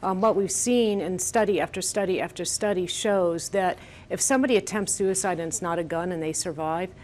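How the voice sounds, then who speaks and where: Low-voiced woman advocate, earnest and firm. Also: fairly quick, a little mellow. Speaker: gun-safety advocate. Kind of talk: panel debate.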